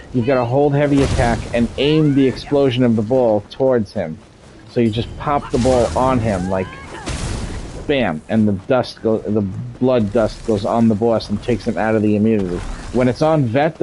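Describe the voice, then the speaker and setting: A man's voice: mid-range voice, normal speed, noisy background. A man streaming a game, chatting casually, explaining mechanics and swearing freely. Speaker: streamer playing an online game. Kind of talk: casual gameplay commentary.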